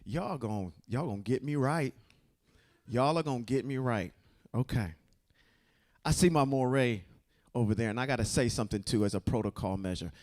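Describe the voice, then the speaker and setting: A man's voice: mid-range voice, normal speed, long pauses, darkish tone. A man leading a casual Bible study, quizzing his listeners and often checking in with "okay?" and "right?". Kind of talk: casual scripture teaching to a group.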